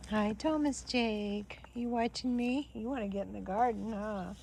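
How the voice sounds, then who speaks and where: A woman narrates a farm video in an unhurried, gravelly voice, slipping into soft baby-talk for her animals. She is recorded outdoors on a phone, with clear farm noise and animal sounds behind her. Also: a little high. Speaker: farm vlogger. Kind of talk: casual narration while filming animals. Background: animal sounds and outdoor ambience.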